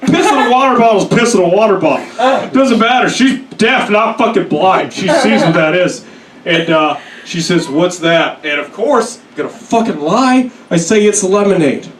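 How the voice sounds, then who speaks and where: A young man performing a stand-up set, telling crude, self-deprecating stories and slipping into quick put-on voices. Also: high-pitched, animated, a bit bright, slight background noise. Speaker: stand-up comedian. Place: comedy club stage. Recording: echoey room, mic at a distance. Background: audience laughter.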